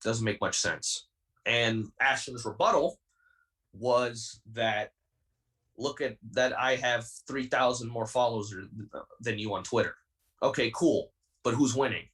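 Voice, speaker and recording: A fired-up young man of twenty, a wrestler guest on a podcast, who hammers his points home defiantly and circles back to them again and again. His voice sits at an ordinary middle pitch and comes across slightly distant from the mic. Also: unhurried, a bit bright. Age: 20s. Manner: intense, defiant, repeats himself. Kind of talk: heated podcast interview.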